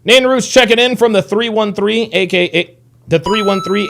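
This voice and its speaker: A man in his thirties talks off the cuff on a livestream, his voice slightly high and gravelly. He swings his pitch all over as he rambles, swears and reacts to viewers' chat. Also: animated, a little fast, a bit bright. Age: 30s. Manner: rambling, profane, reads chat comments. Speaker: livestream host. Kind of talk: casual livestream commentary.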